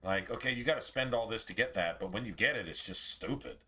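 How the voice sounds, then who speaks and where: A fast-talking man with a lowish, pushed, bright voice and a slight roughness chats with his audience during a game stream. His talk wanders, he swears openly, and he speaks right to chat.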